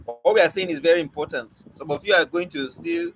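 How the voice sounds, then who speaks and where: Animated man teaching poetry. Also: a little high, a little hiss or hum, rough recording. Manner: animated teacher, asks the class questions and drills points by repeating them; speaks with a stammer, quick bursts. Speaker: spoken word poetry teacher. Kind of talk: live online class lecture.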